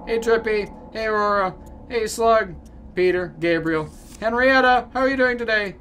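A man's voice: high-pitched, normal speed, a little hiss or hum. Goofy, theatrical gaming YouTuber guy. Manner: theatrical, goofy, jumps into loud outbursts. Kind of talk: let's play commentary.

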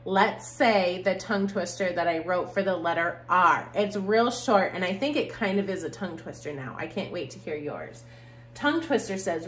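A woman teaching preschoolers in a video lesson, slow and sing-song, climbing high on rhymes and praise. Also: animated, fairly bright tone. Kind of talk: video lesson for young children. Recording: echoey room, faint hum.

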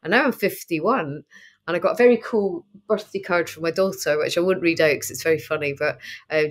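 Chatty Scottish woman in her fifties. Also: sits low. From Scotland. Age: 50s. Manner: chatty, laughing, acts out quoted voices. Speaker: guest. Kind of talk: casual interview chat.

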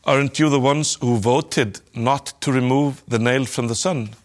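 A man voicing a smooth-talking, greedy male space trader in a storybook reading, with a sly, wheedling patter. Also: medium pitch, unhurried, close to an everyday voice. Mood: smug.

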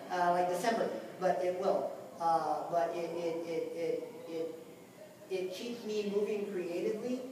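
A man's voice: high voice, a little mellow, slight background noise. A male author on a convention panel, talking casually and energetically with frequent stammers and repeated words. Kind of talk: casual panel talk with audience Q&A. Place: large convention hall. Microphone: distant from the recording mic. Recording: echoey convention hall from far off.

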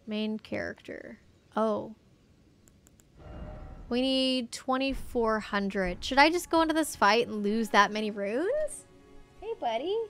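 A woman's voice: on the high side, takes it slowly, fairly bright tone, soft background music. A woman live-streaming a game from her home setup on a foam-covered desk microphone, chatting casually and cooing at her pet in baby talk. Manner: chatty, talks to chat between game moments. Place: home streaming room with a green screen.

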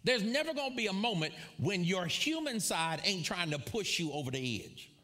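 A man preaching a sermon to a live congregation, telling a personal story with frequent laughter and lively asides. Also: sits high, moderate pace. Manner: animated storyteller, laughs often, calls out to congregation. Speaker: pastor. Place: church before a live congregation.

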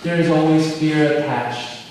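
High-voiced pleading preacher in an echoey hall. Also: male voice, measured pace, darkish tone, distant mic, a little hiss or hum. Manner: pleading, earnest questions. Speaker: pastor. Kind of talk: sermon.

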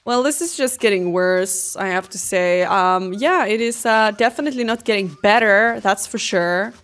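A woman's voice: medium pitch, moderate pace, fairly bright tone. A woman streamer giving casual let's-play commentary, chatty and playfully dramatic, talking to the game and to herself. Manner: playfully dramatic, exclaims and laughs often.

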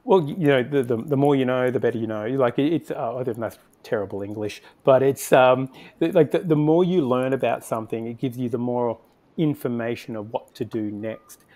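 A man's voice: mid-range voice, fairly quick, mellow. A man speaking as a podcast guest, explaining his work in a conversational way, thinking aloud with frequent restarts and fillers. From Australia. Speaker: podcast guest, conversion optimization agency founder. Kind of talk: conversational interview answers.

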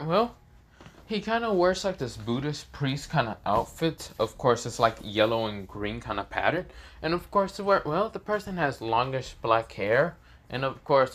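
A man narrates his own fan story off the cuff, stumbling through it with constant fillers and restarts. His voice sits in an ordinary middle pitch, and his telling stays hesitant and rambling. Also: fairly bright tone.

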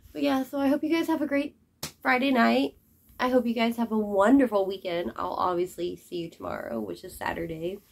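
Chatty woman vlogger with a gravelly edge. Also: mid-range voice. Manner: chatty, apologetic, says y'all. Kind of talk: casual chat to camera.

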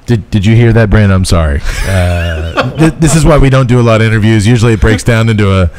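A man hosting a podcast, joking with his guests in a halting way. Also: lowish voice, music in the background. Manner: joking, halting with many "uh" fillers. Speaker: podcast host. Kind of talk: casual podcast chat.

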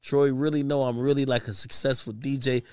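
A man from Jamaica, a guest on a podcast, talking in excited banter and cutting in with repeated exclamations. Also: mid-range voice, brisk, clean tone, dry recording. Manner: animated, interrupting with repeated "yo"s.

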